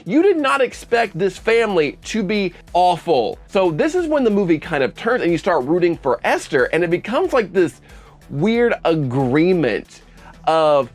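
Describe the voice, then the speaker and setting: Animated young man reviewing horror films. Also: a little high, moderate pace. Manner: animated, sarcastic asides with mocking put-on quotes. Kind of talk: casual video review. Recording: faint background music.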